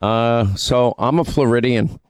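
A man's voice: mid-range voice, a little slow, smooth, no room sound. Talk radio co-host, man from New York, opinionated and chatty, dry close studio sound. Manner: chatty, opinionated, with frequent fillers. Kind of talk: talk radio banter and commentary.

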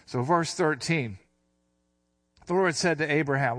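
Older man teaching a Bible passage. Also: fairly high pitch. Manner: explains verse by verse in a relaxed, plain-spoken way; slows down when reading scripture. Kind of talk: conversational sermon.

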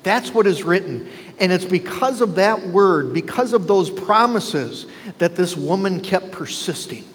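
A man's voice: sits high, expressive, a little slow, breathy edge. A male pastor preaching a sermon, driving his points home with rhetorical questions to the congregation. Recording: long reverb with faint ambience.

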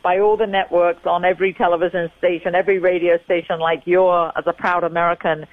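An Englishwoman in her sixties, a guest in a remote interview, repeats her points for emphasis. Her fairly low voice stays level and fast, and the dry recording sounds narrow and tinny.

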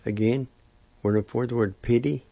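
A man teaching vocabulary, spelling out and pronouncing each word slowly and patiently, with repetition, on a dull lo-fi recording. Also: medium pitch, fairly even intonation, warm tone, dry recording. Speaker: language teacher. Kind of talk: slow spelling and pronunciation lesson. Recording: dull lo-fi sound.

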